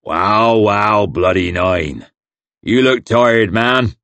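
A man's voice: fairly low pitch, very slow, no room sound, heavily acted. A man voicing a boisterous, boastful fat hillman chieftain who taunts and roars. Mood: taunting. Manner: loud, taunting, blustering.

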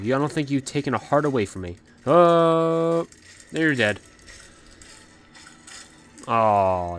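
A young man gives casual let's play commentary, chatting as he plays and calling out to the enemies on screen. He is a little out of breath, and his voice sits in an ordinary middle pitch. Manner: chatty, talks to the game's enemies. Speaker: gaming channel host.

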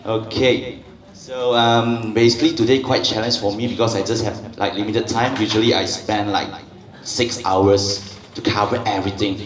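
A man's voice: lowish voice, steady tone, moderate pace. A man giving a seminar talk as a guest speaker, chatty and joking with the audience. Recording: echoey hall, distant mic, faint noise.

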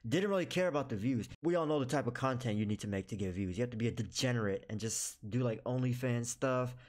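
A man's voice: mid-range voice, fast, hardly any pauses. A man ranting in a casual reaction vlog as a YouTuber, with a sarcastic, mocking manner.

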